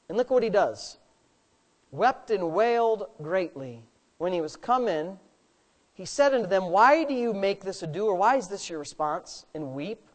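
A woman preaching a sermon, asking rhetorical questions and adding playful asides. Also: on the high side.

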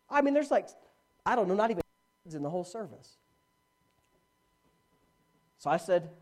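A middle-aged man preaching a sermon as a pastor, telling a story with animated swings from hushed speech to shouting. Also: sits high.

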